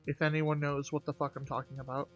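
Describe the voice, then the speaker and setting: A young adult streamer in casual let's-play commentary, reading game lines aloud and chatting to viewers with animated, swearing asides. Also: mid-range voice, quick pace, muffled recording, soft background music. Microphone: desk mic with gain adjusted.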